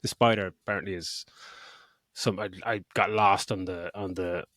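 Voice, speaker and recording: A man's voice: deep voice, fairly even intonation, moderate pace, fairly bright tone, dry recording, studio quality. A middle-aged man co-hosting a podcast, rambling through a film chat, swearing freely and laughing at his own jokes. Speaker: podcast co-host. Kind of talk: casual film review chat.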